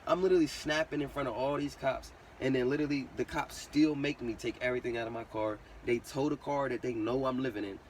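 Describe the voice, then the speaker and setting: A man's voice: medium pitch, fairly even intonation, quick pace, few pauses, darkish tone, far from the mic, slight background noise. A young man casually telling a personal story, full of slang and swearing, who says literally constantly. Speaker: vlogger.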